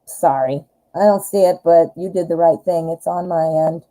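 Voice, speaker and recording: Forties woman, Midwestern American accent, low and warm-toned, self-deprecating live tarot host. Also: normal speed, low-quality recording. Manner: chatty, rambling, self-deprecating. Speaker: tarot reader. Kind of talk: live-stream tarot reading.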